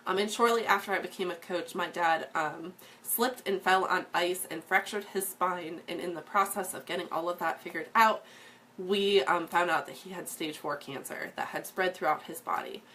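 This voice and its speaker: A woman's voice: fairly low pitch, moderate pace, pushed and bright, slight background noise. A woman in her thirties telling her personal story as a fitness coach, earnest and filled with ums and restarts. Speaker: fitness coach sharing a testimonial. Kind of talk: casual personal story to camera.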